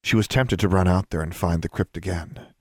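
An audiobook is read by a man with a deep voice, whose storytelling stays measured and even. The studio-quality recording has no echo.

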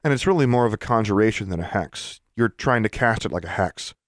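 A man's voice: lowish voice, expressive, a little fast, dry recording, clean studio sound, lightly acted. A man voicing a confident teenage witch girl who explains magic matter-of-factly. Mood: explaining. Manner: patient, matter-of-fact explaining.

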